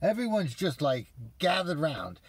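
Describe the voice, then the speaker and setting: Guy ranting to the camera, swearing a lot, kinda high voice, dry sound. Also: big pitch swings, a little slow, husky, no echo. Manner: profane, exasperated storytelling. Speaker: vlogger ranting to viewers. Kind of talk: casual comedic rant.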